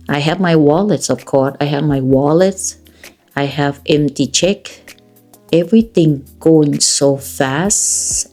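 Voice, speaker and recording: A woman from Thailand, a native Thai speaker with a Thai accent, telling a personal story in halting, repetitive English. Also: low-pitched, dark tone. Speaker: vlogger.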